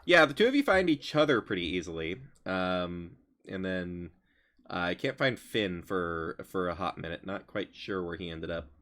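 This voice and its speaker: A man's voice: sits low, lively intonation, moderate pace, fairly bright tone. A man narrating as game master in casual chat, with many fillers.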